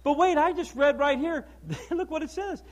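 A male preacher giving a sermon, emphatic and full of rhetorical questions, swinging between loud declaiming and low, quiet stress. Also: normal speed, low-quality recording.

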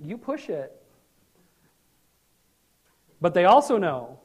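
A middle-aged man preaching a sermon as pastor, animated and joking, with sudden loud bursts. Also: high voice, normal speed.

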